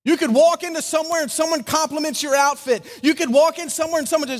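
A pastor delivering a sermon with a notably high voice. He talks conversationally, acting out small scenes and dropping from loud lines to hushed ones. The sound carries a long reverb from a church sanctuary. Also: fast, few pauses. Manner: conversational, acts out little scenes with wide swings from loud to hushed. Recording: hall reverb.

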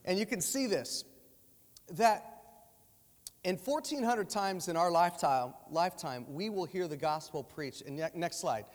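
A man's voice: sits high, a little slow. A man preaching a sermon in a church, telling stories and acting out the dialogue in different voices. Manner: animated, acts out dialogue in voices. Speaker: guest preacher. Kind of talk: sermon with storytelling. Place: church sanctuary. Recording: long hall reverb in a church.

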